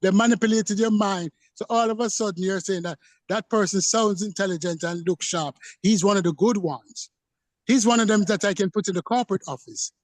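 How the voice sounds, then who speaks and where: A man's voice: sits high, a little fast, no echo. A man co-hosting a podcast who argues his point in a heated casual debate, insistent and repeating himself. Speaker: podcast co-host.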